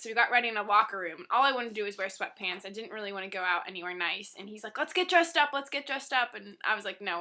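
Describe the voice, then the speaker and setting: A woman's voice: mid-range voice, bright, forceful tone. A young woman in her twenties telling her side of an engagement story to the camera, chatty and teasing her partner.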